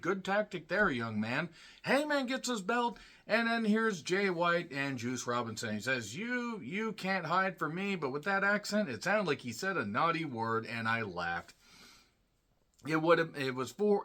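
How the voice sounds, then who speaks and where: Animated, sarcastic male show reviewer. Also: mid-range voice. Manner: sarcastic, profane ranting with asides; clears throat often. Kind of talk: solo review commentary.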